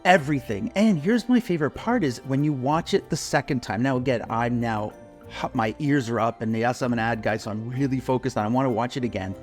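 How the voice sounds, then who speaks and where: Male co-host, excitable casual storyteller, mid pitch, faint music under him. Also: a little fast. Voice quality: animated, swearing, laughing storyteller. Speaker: podcast co-host, advertising consultant. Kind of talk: casual chat.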